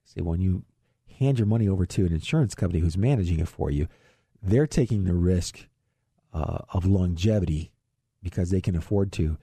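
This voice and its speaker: Middle-aged male radio money host from Ohio, folksy and chuckling, low husky dark voice, dry studio sound. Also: a little fast, dry recording. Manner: folksy and chuckling, with frequent fillers and restarts. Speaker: radio show host, financial advisor. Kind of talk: casual radio talk on investing.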